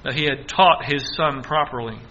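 A man's voice: mid-range voice, moderate pace, bright, forceful tone, lo-fi sound, a little hiss or hum. A male preacher giving an earnest sermon, exhorting his listeners and repeating key phrases.

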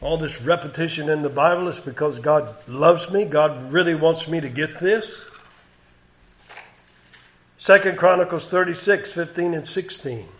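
A man's voice: a little high, measured pace, a bit bright. A man preaching a sermon in a plain conversational way, repeating key words for emphasis.

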